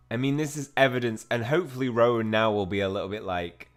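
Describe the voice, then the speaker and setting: A man's voice: medium pitch, steady tone, fast, few pauses. A young man casually commenting on a mobile game as he plays, reading the characters' lines aloud and reacting to them. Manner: chatty, reads game dialogue aloud and reacts to it. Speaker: gaming channel host. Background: faint game music.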